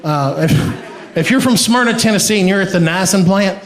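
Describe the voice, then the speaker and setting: A man from Iran performing a stand-up comedy set, telling animated stories and laughing through his own punchlines. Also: high-pitched, moderate pace. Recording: echoey live comedy venue.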